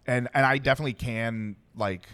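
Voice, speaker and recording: A man's voice: mid-range voice, fairly even intonation, fairly quick, fairly bright tone. A man hosting a podcast, a comedian chatting casually in a rambling, profane way full of fillers. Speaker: podcast host. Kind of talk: casual chat.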